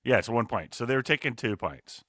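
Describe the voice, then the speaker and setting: A man's voice: mid-range voice, animated, brisk, pushed and bright, dry recording, clean studio sound. A man co-hosting a comedy podcast in casual chat, laid-back and self-deprecating. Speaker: podcast co-host.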